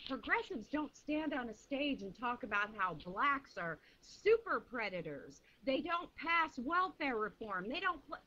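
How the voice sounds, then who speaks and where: A woman's voice: high-pitched, bright, forceful tone. A woman in a heated, profane political rant, firing off rhetorical questions at her listener. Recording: dull lo-fi recording.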